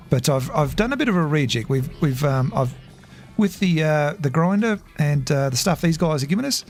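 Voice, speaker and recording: A man chatting casually while streaming a game, rambling and halting, with frequent chuckles. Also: on the high side, a little mellow. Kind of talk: casual live-stream chat.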